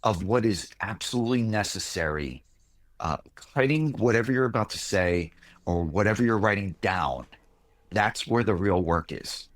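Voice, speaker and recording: A man with a lowish voice co-hosts a casual podcast. He speaks emphatically and slows down to land his points. The sound is dry and close. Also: expressive, dry recording. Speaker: podcast co-host.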